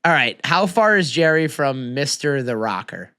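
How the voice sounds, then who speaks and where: A man's voice: mid-range voice, very animated, normal speed, pushed and bright, clean tone, no room sound, studio quality. Laid-back, swearing man talking sports. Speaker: podcast co-host. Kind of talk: casual sports chat.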